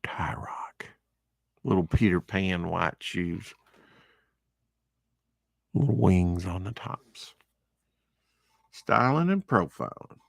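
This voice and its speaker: A man's voice: deep voice, lively intonation, takes it slowly, creaky, long pauses, no room sound. A man giving casual, rambling commentary while unboxing comic books, with chatty, opinionated asides. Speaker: comic book vlogger.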